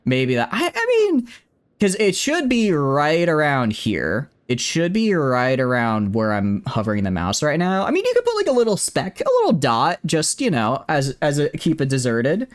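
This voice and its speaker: A man's voice: fairly high pitch, big pitch swings, normal speed. A man streaming a strategy game live, chatting casually with his viewers, rambling and poking fun at himself as he greets people in chat by name. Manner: rambling, self-deprecating, frequent restarts and fillers.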